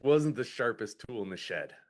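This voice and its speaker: A man's voice: mid-range voice, lively intonation, normal speed. A man co-hosting a podcast, chatting casually in a laid-back way and often calling his friend "dude". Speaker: podcast co-host. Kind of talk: casual chat.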